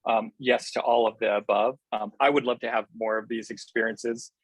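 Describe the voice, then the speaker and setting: A man's voice: lowish voice, flat delivery, normal speed, slightly rough, no echo, rough recording. A man being interviewed as a film director, talking in an earnest, enthusiastic way that often halts on fillers. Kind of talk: casual interview answers.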